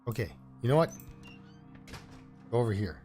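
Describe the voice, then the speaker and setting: A man's voice: mid-range voice, big pitch swings, moderate pace, mellow, soft background music. A man giving casual let's-play commentary, thinking aloud with fillers and restarts as he plays. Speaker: gameplay commentator.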